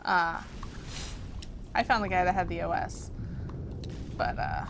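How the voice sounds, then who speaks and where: A woman's voice: fairly low pitch, expressive, a little slow, gravelly, a bit bright, a little hiss or hum. A woman hosting a gameplay stream, playful and chatty while she plays and reads the chat. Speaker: stream host.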